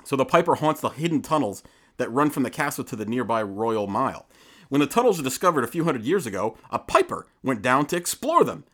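Lively joking male podcast host. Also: medium pitch, a little fast. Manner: jokey storytelling, reads from notes. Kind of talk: casual podcast chat.

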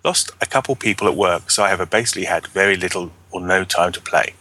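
A man's voice: low-pitched, fast, sharp tone, a little hiss or hum. A man co-hosting a casual gaming podcast, reading listener emails aloud and breaking off with jokey asides. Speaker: podcast co-host.

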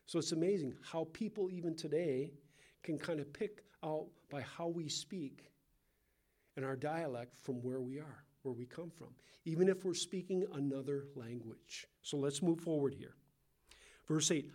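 Man, Californian accent, pastor, fairly high-pitched, chatty Bible teaching, rhetorical questions. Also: lively intonation, a little slow. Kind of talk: sermon.

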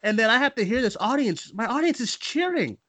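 A man hosting a casual movie podcast, ranting in an animated, exasperated way. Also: very high-pitched, fairly quick, crowd noise. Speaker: podcast host. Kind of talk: casual group chat about movies.

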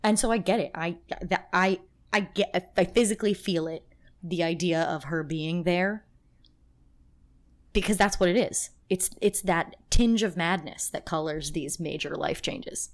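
A woman co-hosting a podcast in casual chat, emotional and halting, laughing through her feelings. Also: on the low side. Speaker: podcast co-host.

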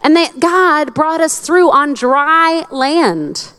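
A young adult woman preaching a sermon in a conversational, candid way, with quick asides. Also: high voice, expressive, fairly bright tone. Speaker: pastor.

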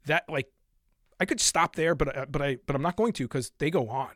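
A man's voice: fairly high pitch, a little fast, fairly bright tone, no room sound, studio quality. A man hosting a podcast, delivering a heated, exasperated solo rant with sighs and muttered asides. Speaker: podcast host.

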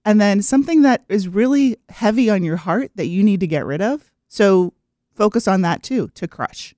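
A man's voice: sits high, animated, moderate pace, a little mellow, dry recording, clean studio sound. A man guest on a Catholic talk show, laying out practical points in casual chat. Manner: practical, listing points, laughing easily.

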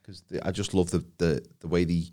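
A man's voice: deep voice, little pitch movement, brisk, warm tone. A man, co-hosting a podcast in jokey, casual chat. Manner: jokey, swears freely, laughs a lot. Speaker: podcast co-host.

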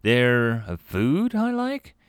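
A man's voice: a little high, very animated, moderate pace, smooth, dry recording, studio quality, voice pushed up. A man voicing a wry, skeptical young woman in a sci-fi storybook reading, talking in a sardonic, incredulous way. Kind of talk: audiobook character voice.

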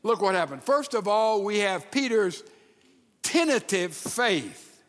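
Man preaching, high voice, animated delivery, acts out quotes, drops to a hush, long hall reverb. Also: slow pace. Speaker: pastor. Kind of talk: sermon. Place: church sanctuary.

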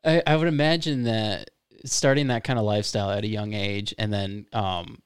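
A man's voice: on the low side, steady tone, moderate pace, a little hiss or hum. A man hosting a podcast interview, asking easygoing questions and reacting with surprise. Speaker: podcast host.

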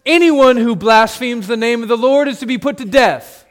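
A man voicing an indignant zealot in an ancient crowd, declaiming loudly and high-pitched. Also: moderate pace. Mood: outraged. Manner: loud, declaiming, outraged.

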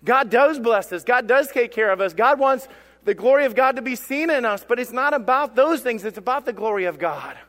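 A man preaching a sermon as lead pastor, swinging between loud declarations and quiet, low asides. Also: lively intonation, brisk. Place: church sanctuary. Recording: long hall reverb.

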